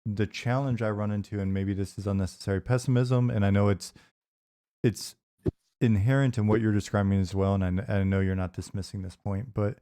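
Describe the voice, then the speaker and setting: A man hosting a casual interview, asking questions and giving his views in a thoughtful, measured way. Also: on the low side, fairly even intonation, mellow, smooth. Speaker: host.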